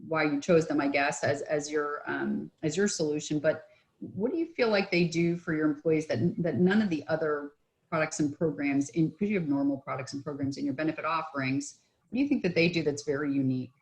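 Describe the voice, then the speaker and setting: A woman's voice: deep voice, fairly quick, poor audio. A woman moderating a webinar panel, talking conversationally with fillers and restarts. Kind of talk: webinar discussion.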